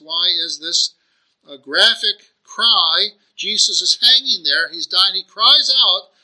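A man's voice: sits high, bright, forceful tone, poor audio. A man preaching a sermon, earnest and searching, asking rhetorical questions and often restarting his phrases.

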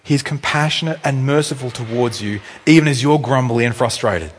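A male pastor preaching a sermon in a church, telling stories in a chatty, animated way with offhand asides. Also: medium pitch, moderate pace. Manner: animated storytelling, conversational asides. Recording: echoey hall reverb.

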